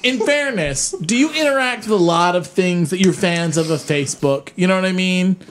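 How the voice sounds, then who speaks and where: A tipsy man co-hosting a podcast, ranting loudly and swearing while chatting with friends. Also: high-pitched, normal speed, slight background noise. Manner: loud, ranting, swearing, breaks into laughter. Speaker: podcast co-host. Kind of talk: drunken casual chat. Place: room with a small group of friends.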